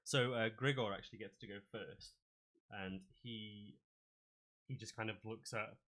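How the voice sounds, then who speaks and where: A man running a tabletop game as game master. His low voice has a bright, forceful tone, and his descriptive narration is dotted with ums and restarts. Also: steady tone, measured pace.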